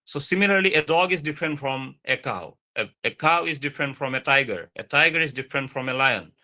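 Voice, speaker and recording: A man lecturing over a video call, explaining slowly with many fillers and repeated points. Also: medium pitch, animated, bright, forceful tone.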